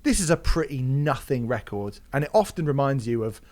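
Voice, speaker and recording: Sarcastic man with a lively voice. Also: medium pitch, brisk. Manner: sarcastic, mocking, laughs often. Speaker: podcast co-host. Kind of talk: casual podcast chat.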